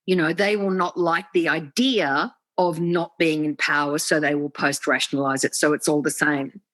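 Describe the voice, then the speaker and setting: Woman, executive coach, lowish voice, animated explaining, acts out inner voices, dry video call sound. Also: moderate pace, no echo, rough recording. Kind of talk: interview talk, explaining.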